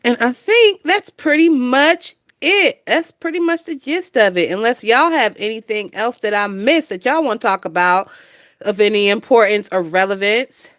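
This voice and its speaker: A woman's voice: fairly high pitch, lively intonation, moderate pace, a bit bright, dry recording, studio quality. A woman in her twenties hosting a casual gossip livestream, brash and profane, reading out viewer comments and laughing often. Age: 20s. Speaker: gossip channel host.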